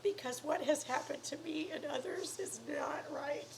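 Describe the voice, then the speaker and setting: A woman making an emotional personal appeal to viewers, earnest and pleading, close to tears, sometimes dropping to soft whispery words. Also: high-pitched, moderate pace, creaky, background noise. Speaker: YouTuber asking for donations.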